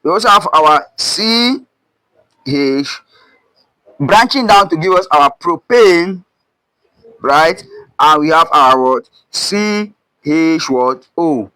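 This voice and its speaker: A man's voice: fairly high pitch, animated, slow pace, pauses often, pushed and bright, clear, resonant tone, no echo, poor audio. A male chemistry teacher with a Nigerian accent, lecturing at a board, repeating terms and prompting with "what" and "right?". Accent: Nigerian English. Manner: repetitive, emphatic drilling of terms.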